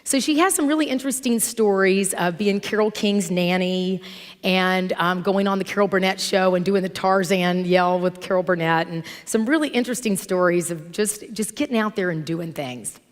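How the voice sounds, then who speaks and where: A middle-aged woman minister giving a sermon in a church, telling stories in an animated, conversational way. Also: on the low side, normal speed. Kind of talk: sermon with storytelling. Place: church sanctuary. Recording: long hall reverb from church.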